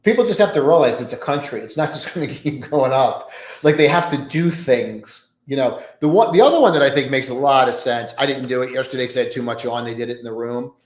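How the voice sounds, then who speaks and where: A man's voice: mid-range voice, animated, quick pace. Rambling man thinking aloud, roomy sound. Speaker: trading livestream host. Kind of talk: live pre-market commentary. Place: home trading desk with many monitors. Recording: roomy echo.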